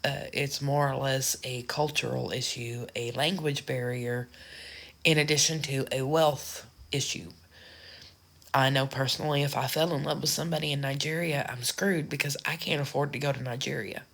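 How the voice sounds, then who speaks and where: A woman's voice: a bass voice, fairly even intonation, moderate pace, vocal fry, fairly bright tone. A woman from the United States talking frankly and ramblingly in a casual vlog. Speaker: social media creator.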